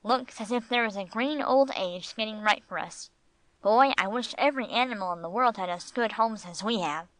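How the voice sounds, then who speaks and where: A woman's voice: medium pitch, normal speed, fairly bright tone, no echo, lightly acted, rough recording. A woman voicing Gringo, a good-natured old male dog who jokes in a grave, dry way, in a storybook reading. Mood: amiable.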